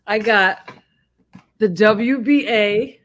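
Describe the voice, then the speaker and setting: A woman in her thirties, a boxing champion being interviewed, telling animated stories with laughs and swearing. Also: medium pitch, drawn-out words, a little hiss or hum. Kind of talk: casual interview chat.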